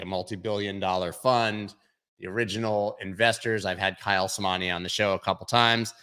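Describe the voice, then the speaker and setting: Man, lowish pitch, bright forceful tone, chatty livestream host. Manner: chatty, jokey asides to chat. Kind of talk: casual livestream market commentary.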